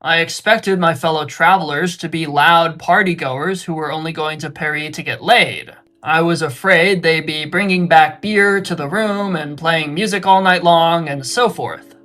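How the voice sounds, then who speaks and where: Wry, bright-voiced young man vlogging. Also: a little high, normal speed. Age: young adult. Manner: self-deprecating, wry humor. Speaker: travel vlogger. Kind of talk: scripted vlog narration.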